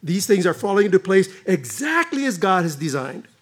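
A man preaching a sermon, speaking emphatically with dramatic pauses and repeated phrases. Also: sits high, big pitch swings, husky. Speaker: pastor.

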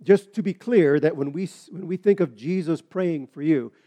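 A male pastor preaching a sermon, with frequent halting restarts that build into emphatic, rising delivery. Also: on the high side, dull audio.

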